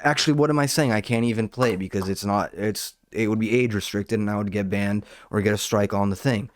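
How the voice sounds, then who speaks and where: A man's voice: lowish voice, a little fast, no echo, studio quality. A young man hosting a podcast, telling a rambling, profane story about his work at a club door in a casual way. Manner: profane, rambling, animated retelling. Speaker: podcast host; nightclub door staff. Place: home kitchen.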